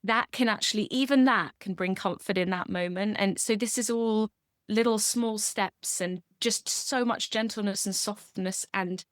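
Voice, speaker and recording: Soft-spoken woman coaching gently. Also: mid-range voice, normal speed, no room sound, studio quality. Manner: soft, soothing, speaks in warm reassurances. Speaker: sober coach, podcast guest.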